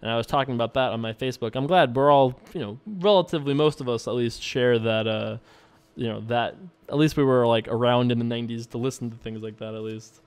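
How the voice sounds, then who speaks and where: A man's voice: medium pitch, fast talker, a little mellow, clean tone. A young man streaming online poker, chatting loosely with viewers while he plays and reads their emails, laughing often and swearing casually.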